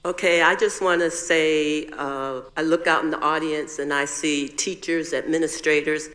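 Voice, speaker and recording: A man's voice: a little high, fairly even intonation, moderate pace, fairly bright tone, in a large hall. An older man on a school board, speaking plainly and sincerely to the audience at a public meeting.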